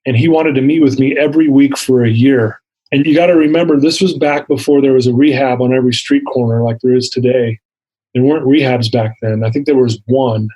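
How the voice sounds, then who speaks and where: A male interview guest in his fifties tells personal stories earnestly, acting out the quotes in vivid retellings. His medium-pitched voice is mellow and husky, fairly even in intonation and a little fast, and the recording has its highs cut off.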